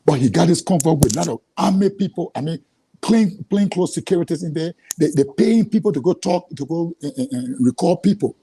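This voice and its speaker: A man's voice: on the high side, lively intonation, a little fast, warm tone, slightly rough, rough recording. A man with a Liberian English accent, speaking heatedly as an interview guest, often stammering and repeating himself when frustrated. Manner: angry, repetitive, stammering restarts.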